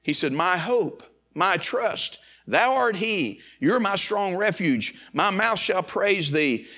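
A man's voice: high voice, expressive, slow, sharp tone. A middle-aged man preaching a sermon with impassioned delivery, often repeating and restarting words as he goes. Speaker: pastor.

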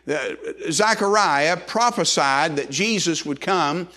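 A male pastor preaches in a relaxed, folksy way, circling back and repeating phrases as he goes. His voice sits a little higher than most men's. He talks like he's chatting with his congregation. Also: slow pace. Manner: folksy, repetitive with frequent restarts. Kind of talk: sermon.

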